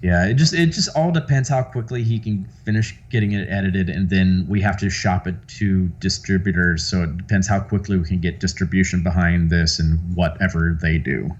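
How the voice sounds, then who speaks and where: A man's voice: low-pitched, fairly quick, few pauses. Southern man rambling through a dull call. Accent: light Southern US. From American South. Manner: rambling, full of fillers and restarts. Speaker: guest actor. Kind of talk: casual interview chat.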